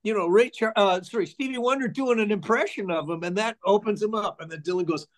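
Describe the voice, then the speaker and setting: Older man, fairly high voice, casual interview guest, animated storyteller, acts out quotes. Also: quick pace.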